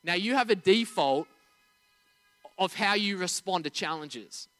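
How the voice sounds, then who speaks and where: A man's voice: high voice, measured pace, in a large hall. A man preaching a sermon, telling stories with energy and asking the congregation questions. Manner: storytelling, animated, asks the audience questions. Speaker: pastor.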